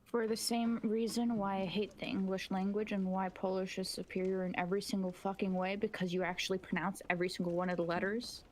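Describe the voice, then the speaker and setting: A woman's voice: medium pitch, flat delivery, brisk, hardly any pauses, darkish tone, a little hiss or hum. A woman casually co-commentating a game, teasing and giggling often. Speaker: co-commentator on a let's play. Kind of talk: casual gaming chat.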